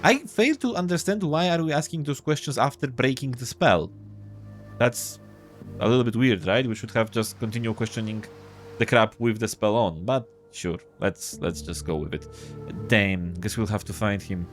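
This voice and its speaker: Over soft background music, a streamer with a medium-pitched voice and moderate pace gives casual let's-play commentary. He thinks aloud and reads the game text while playing a role-playing game.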